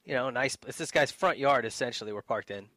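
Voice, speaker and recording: A man's voice: medium pitch, fast, pushed and bright, no echo. A middle-aged man co-hosting a casual chat show, telling stories and laughing often. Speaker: podcast co-host.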